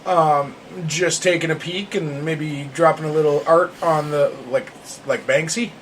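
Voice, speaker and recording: A woman's voice: low-pitched, steady tone, a little slow, slight background noise. A woman co-hosting a casual podcast, blunt and profane in her banter. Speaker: podcast co-host.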